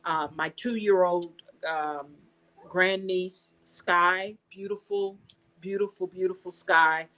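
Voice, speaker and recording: An American woman being interviewed, telling a personal story in a casual, animated way and acting out the dialogue she quotes. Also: lowish voice, slow pace, poor audio. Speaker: guest.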